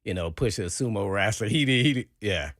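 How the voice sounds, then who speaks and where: A man co-hosting sports talk radio, telling an animated story and acting out the quotes. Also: on the low side, fairly quick, dry recording, studio quality. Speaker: sports radio co-host, former player.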